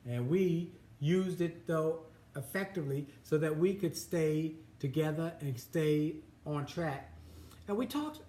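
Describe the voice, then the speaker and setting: Middle-aged man, halting advice talk. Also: on the high side, dark tone. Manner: halting, restarts and repeats words. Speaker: co-host. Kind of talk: casual advice chat. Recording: roomy echo, faint ambience.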